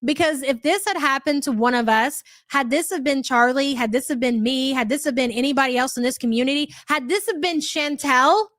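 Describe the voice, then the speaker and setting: A woman's voice: sits high, fairly quick, few pauses, fairly bright tone, no echo. A woman hosting a live reaction stream, reading out chat messages in a blunt, profane, mocking way.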